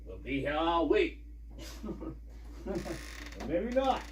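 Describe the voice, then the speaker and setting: A man's voice: on the high side, very animated, very slow, a little hiss or hum. A man chatting casually on a livestream, rambling and musing with some profanity. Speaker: streamer.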